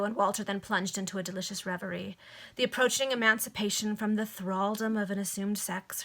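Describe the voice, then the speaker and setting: Lady reading a book aloud to friends on a video call, bright clear voice, chatty asides. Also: medium pitch. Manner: breaks off with excited asides to listeners. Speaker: reader. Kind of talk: casual reading aloud of a novel.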